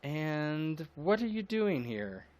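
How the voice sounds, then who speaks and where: A man's voice: mid-range voice, lively intonation, takes it slowly, fairly bright tone. A man voicing a stout, scornful woman who works as a wet nurse, in a tabletop game. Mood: surprised. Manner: scornful, haughty.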